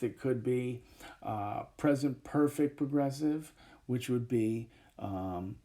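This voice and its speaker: A male teacher giving a recorded grammar lesson over a whiteboard, talking in a relaxed way with many fillers and frequent checks of "okay". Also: mid-range voice. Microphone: tablet microphone, voice-over.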